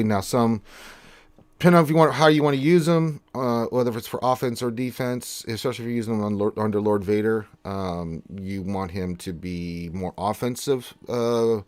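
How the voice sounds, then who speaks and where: A man with a fairly low voice hosts a relaxed gaming livestream. He chats along, reads viewer messages aloud and talks with frequent ums and uhs. The sound is dry and close, with no room echo. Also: normal speed. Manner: reads chat aloud and greets viewers, chatty with many fillers. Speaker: livestream host. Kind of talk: casual livestream chat.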